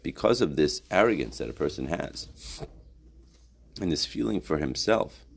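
Low gravelly male Torah teacher. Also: animated, moderate pace. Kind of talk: Torah class lecture.

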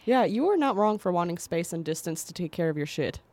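Lively nasal woman. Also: lowish voice, fairly quick, no room sound. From American Midwest. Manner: playful, laughs often, upbeat. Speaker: podcast co-host giving advice. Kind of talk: casual chat.

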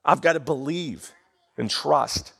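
A man preaching a sermon in church, animated and drawing responses from the congregation. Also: a little high, slow pace, vocal fry, slightly rough. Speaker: pastor. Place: church sanctuary.

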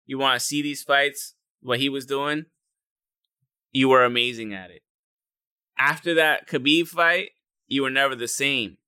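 A man chatting casually on a podcast about fights, rambling and swearing freely, with plenty of filler words. His voice is very bright and forceful, and the recording is dry and close. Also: medium pitch, measured pace, pauses often, clean tone, dry recording. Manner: loose, profane, rambling with many fillers. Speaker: podcast co-host. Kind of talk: casual sports chat.

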